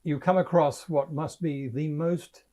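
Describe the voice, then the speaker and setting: A man's voice: fairly high pitch, fairly even intonation, dark tone. A man narrating a tabletop game as game master, describing scenes vividly and with dry jokes. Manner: drawn-out, vividly descriptive, dryly joking.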